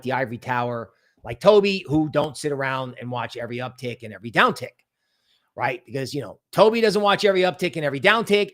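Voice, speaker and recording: A man hosting a casual crypto market stream, talking in an animated, rambling way full of asides. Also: on the high side. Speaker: crypto market show host.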